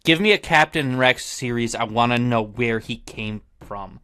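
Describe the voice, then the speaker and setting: A man's voice: medium pitch, normal speed, sharp tone, clean tone. A man hosting a podcast in casual chat, rambling and often trailing off to restart his thought. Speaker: podcast host.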